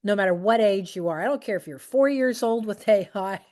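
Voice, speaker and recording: A woman's voice: medium pitch, a little fast, a little mellow. A middle-aged woman speaking casually to a group, chatty and anecdotal. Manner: chatty and anecdotal, with fillers and restarts. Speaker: speaker on aging and technology.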